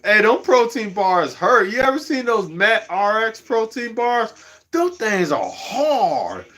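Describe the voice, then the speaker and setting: A man's voice: high-pitched, sing-song, takes it slowly, bright, forceful tone. A man livestreaming, chatting casually and rambling, chuckling often as he talks.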